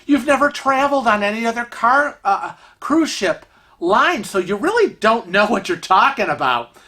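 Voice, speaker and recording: A middle-aged husband speaks his mind in a plain, exasperated way while he tries to stay calm, as a man quotes him. His tone is bright and clear. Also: very high voice, normal speed, voice pushed up, exaggerated voice.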